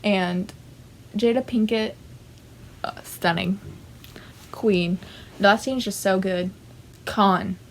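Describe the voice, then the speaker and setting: A woman's voice: medium pitch, slow pace, long pauses, slight background noise. Chatty young woman vlogger. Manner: chatty, animated, lots of fillers and asides. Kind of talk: casual ranking vlog.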